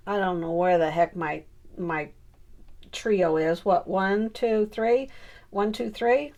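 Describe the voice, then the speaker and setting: On camera, a scrapbooking vlogger talks through her crafting in a relaxed way, murmuring to herself as she goes. Her voice is medium in pitch, slow-paced, and somewhat dark in tone.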